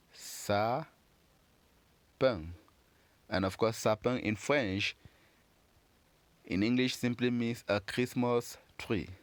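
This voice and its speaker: A man giving a patient pronunciation lesson, slowly repeating words and encouraging learners. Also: mid-range voice, no room sound. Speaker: French teacher.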